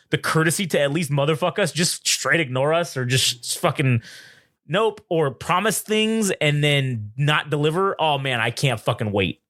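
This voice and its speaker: A young man co-hosting a podcast, telling stories in a profane, animated way and mocking people in put-on voices. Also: fairly high pitch, no echo, studio quality. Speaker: podcast co-host. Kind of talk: casual chat.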